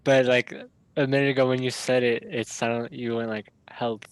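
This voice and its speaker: A man's voice: medium pitch, level tone, normal speed, smooth, dry recording, low-quality recording. A young man, a student, bantering casually in class and hedging with lots of "like.". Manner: hesitant, repeats "like".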